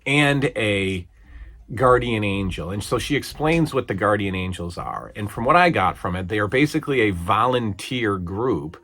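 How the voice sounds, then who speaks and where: A man's voice: fairly low pitch, lively intonation, moderate pace, fairly bright tone. A man in his forties casually reviewing an old wrestling broadcast, rambling and chatty with lots of fillers and restarts. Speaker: podcast host reviewing old wrestling shows.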